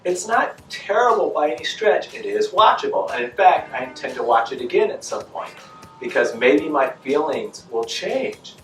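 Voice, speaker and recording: In a sing-song, slightly high and fairly bright voice at normal speed, a man gives a casual film review full of rhetorical questions and emphatic repetition. He sounds distant and off-mic, in an echoey room with faint music playing.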